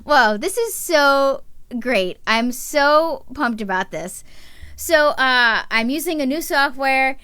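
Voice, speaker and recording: Bubbly woman host, high voice, dry close sound, quick chatty delivery full of restarts. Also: clear, resonant tone, no room sound. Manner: bubbly, excited, greets viewers by name. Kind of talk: live-stream variety show hosting.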